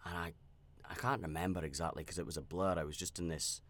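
A man with a very deep voice tells a personal story on his own podcast. He talks candidly and reflectively, often restarting his sentences and filling pauses as he rambles. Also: fairly even intonation, fairly bright tone. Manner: reflective and self-aware. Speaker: podcast host.

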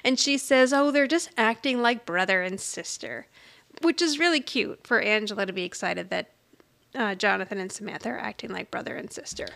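A woman's voice: medium pitch, fairly quick, vocal fry. A woman co-hosting a podcast, retelling a sitcom episode in casual chat and acting out the characters' lines. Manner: animated retelling, acting out quoted lines with light laughter.

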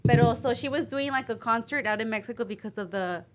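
Woman cohost telling a story, lively, switches into spanish bits, kinda high voice. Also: fast talker, background noise. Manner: animated storyteller, mixes Spanish phrases. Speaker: podcast co-host. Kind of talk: casual storytelling chat.

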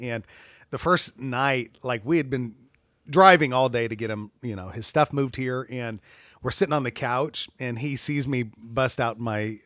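A man telling a self-deprecating story in casual chat, animated and laughing often. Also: mid-range voice, dry recording, clean studio sound. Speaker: church staff guest.

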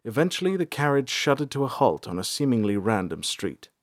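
A man reading a fantasy audiobook aloud in measured storytelling. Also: medium pitch, very animated, no room sound, clean studio sound. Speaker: narrator. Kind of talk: scripted audiobook narration.

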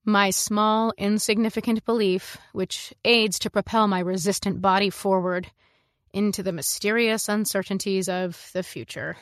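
A woman's voice: mid-range voice, steady tone, moderate pace, no room sound. Woman reading a story, dry sound. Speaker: story narrator. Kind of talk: scripted narration.

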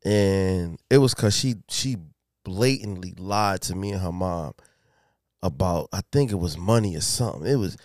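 A man, telling stories in a casual podcast chat, swearing and jumping high when he quotes himself. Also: moderate pace, no echo, clean studio sound. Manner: animated, swearing, voice jumps high in quoted outbursts. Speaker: podcast co-host.

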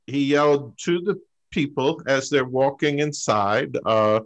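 A man telling a comic true story on stage, halting with fillers before deadpan punchlines. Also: medium pitch. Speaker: open mic storyteller.

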